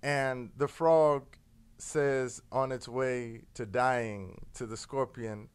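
A man telling a fable in an animated, conversational way during a discussion show. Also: medium pitch, takes it slowly, smooth. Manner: animated, conversational, with filler words. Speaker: panel guest. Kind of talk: storytelling in a discussion.

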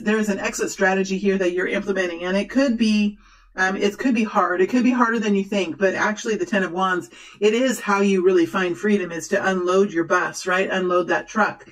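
A woman talks through a tarot spread in a loose, conversational way. She fills pauses with ums and often starts over mid-sentence. Her tone stays encouraging toward the listener. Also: medium pitch, low-quality recording. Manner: chatty and rambling, many fillers and restarts, encouraging. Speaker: tarot reader. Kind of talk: casual tarot reading to camera.

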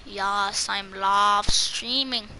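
A woman's voice: medium pitch, fairly even intonation, very slow, sharp tone. A woman live streaming, chatting casually with viewers in a silly, giggly, rambling way. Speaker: livestreamer. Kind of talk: casual livestream chat reacting to viewers. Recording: noisy with mouse clicks.

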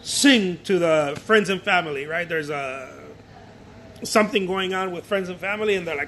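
A man's voice: high-pitched, fast, slight background noise. A painter whose first language is Spanish, chatting casually and animatedly in his studio and acting out other people. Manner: animated, repeats himself, acts out other people. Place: art studio.

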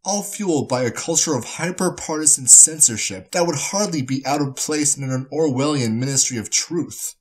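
A man hosts a commentary vlog, his voice hoarse from a cold. He speaks a touch higher than most men and leans into sarcastic, dramatic phrasing. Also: moderate pace, few pauses. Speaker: commentary vlogger.

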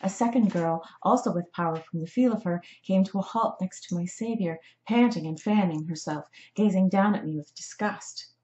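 A woman reads her own novel aloud in a measured, dramatic way. Her voice sits on the low side. The recording sounds somewhat dull. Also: a little mellow, roomy sound. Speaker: author reading her book. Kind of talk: audiobook narration.

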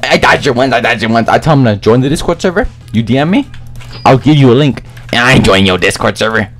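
A young man giving loud, slangy live commentary over his own gameplay, trash-talking other players and often shouting. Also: medium pitch, lively intonation, quick pace, soft background music. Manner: slangy, repeats lines and ends them with "bruh". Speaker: gaming YouTuber.

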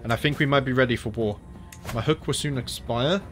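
A man's voice: medium pitch, fairly quick, fairly bright tone, faint music behind. An Australian man streaming a strategy game, chatting casually, thinking aloud and muttering as he clicks through menus. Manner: chatty, thinks aloud, mutters and self-corrects, frequent mild swearing. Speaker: gaming streamer. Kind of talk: casual live-stream commentary while playing a strategy game.

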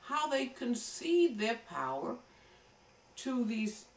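A woman's voice: on the high side, very animated, slow pace, recorded from a distance. Emphatic woman lecturing in a roomy echo. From United States. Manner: emphatic, lecturing, addresses viewers directly. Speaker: political commentator. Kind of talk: political commentary monologue.

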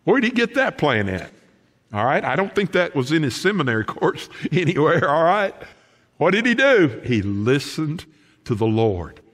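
Male pastor, folksy and animated sermon delivery, pitch all over the place, church hall reverb. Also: moderate pace. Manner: animated, folksy preaching with asides to the congregation. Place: church sanctuary.

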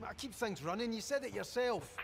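Gravelly Scottish rig electrician. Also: male voice, sits high, expressive, brisk, background noise. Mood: defensive. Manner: pleading, trying to smooth things over. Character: weary male rig electrician under pressure.

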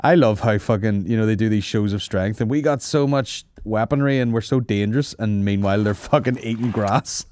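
A man hosts a comedy podcast in a low, grounded voice. He rambles and swears through casual banter, close on the mic in a dead, dry room. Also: normal speed, a little mellow, no room sound. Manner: sweary, rambling, laughs at his own jokes. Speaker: podcast host.

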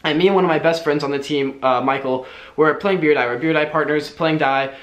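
A young man telling a personal story to the camera, earnest and quick, with lots of "like" fillers. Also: fairly high pitch, fairly even intonation, roomy sound. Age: young adult. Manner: fast, earnest, filler-heavy with frequent "like". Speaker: vlogger.

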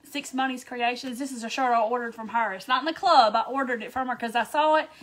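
A cheerful woman hosts a live craft stream. Her voice sits notably high, and her blocked sinuses give it a stuffy, congested sound. She chats in a bubbly, excitable way and greets her viewers by name. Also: quick pace. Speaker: craft livestream host. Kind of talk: casual livestream chat greeting viewers.

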